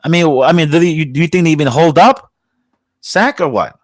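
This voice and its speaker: A man from New York with a voice on the high side rants a little fast on his podcast, recorded without echo. The casual rant is heated, blunt, and full of profanity.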